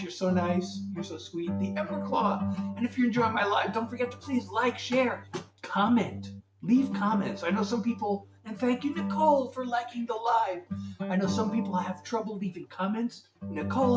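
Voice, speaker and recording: A man's voice: high-pitched, recorded from a distance. A man hosting his own music livestream, chatting casually, greeting viewers by name and fumbling with the setup. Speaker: singer-songwriter hosting a livestream. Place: room at home lit by a ring light. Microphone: phone. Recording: echoey room, voice heard from off the mic.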